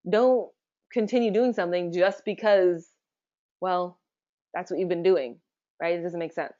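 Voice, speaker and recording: A woman giving a conversational webinar presentation, chatty and relaxed, often asking her listeners rhetorical questions. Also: fairly low pitch, measured pace, highs cut off.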